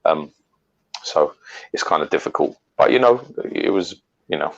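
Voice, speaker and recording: A man's voice: deep voice, expressive, normal speed, vocal fry, a bit bright, highs cut off. A middle-aged man chatting on a live stream, telling stories loosely, swearing a lot and laughing often. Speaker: co-host. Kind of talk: casual chat.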